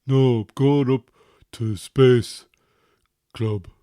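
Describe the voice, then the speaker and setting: A man's voice: mid-range voice, steady tone, very slow, mellow, no echo, studio quality, voice pushed up. A man putting on a whiny sulky teenage son. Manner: whiny, dismissive, mocking. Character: sulky future teenage son, sixteen, embarrassed by dad.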